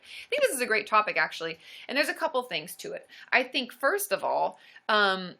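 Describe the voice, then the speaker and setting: A woman hosting a casual livestream as a counselor, bubbly and excitable, cheering along with sound effects. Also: medium pitch, a little fast, vocal fry. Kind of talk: casual livestream chat with viewers.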